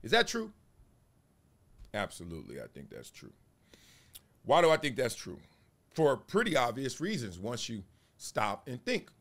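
A man in his forties hosting a casual commentary show, talking in an animated way and acting out little quotes. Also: mid-range voice, measured pace, pauses often. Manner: animated, acts out voices and quotes. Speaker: show host.

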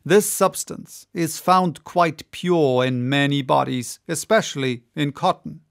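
A composed, lecturing club president with a slightly high, gravelly voice, read by a man. He lays out technical matters patiently and evenly, like a storybook character holding the floor. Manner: calm, explanatory, lecturing. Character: confident male president of a gun club. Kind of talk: audiobook character reading.

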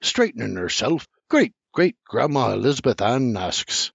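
Older guy, folksy storytelling, very lively voice, dry dull recording. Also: mid-range voice, unhurried, breathy edge, dry recording. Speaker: audiobook narrator. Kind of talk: first-person storybook narration. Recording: dry, slightly muffled recording.

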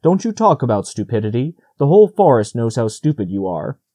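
A man's voice: mid-range voice, big pitch swings, fairly quick, mellow. A man voicing an impudent, gloomy crow who speaks solemnly in a storybook.

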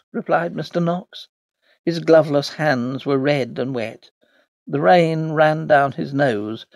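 A man reading a novel aloud as an audiobook narrator, in a measured, dry storytelling delivery. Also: medium pitch, vocal fry, a little mellow, dry recording.

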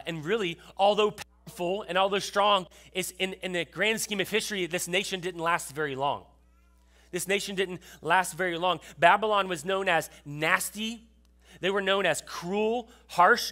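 A man's voice: sits high, moderate pace, bright, forceful tone. A man pastor giving a sermon in a conversational way, often restarting his sentences and checking in with the congregation. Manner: conversational preaching with frequent restarts and asides to the congregation.

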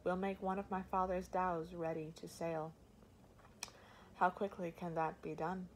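Woman voicing a young prince, desperate, pleading, low pitch, flat delivery. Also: unhurried, a little hiss or hum, lightly acted, low-quality recording. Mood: urgent. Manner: urgent, pleading.

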